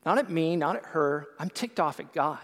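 A male pastor telling a personal testimony in a sermon, earnest and storytelling, rising at times to loud impassioned outbursts. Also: a little high, animated, moderate pace. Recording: long hall reverb.

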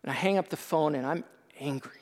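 A male pastor telling a personal testimony in a sermon, earnest and storytelling, rising at times to loud impassioned outbursts. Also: on the high side, fast talker. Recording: long hall reverb.

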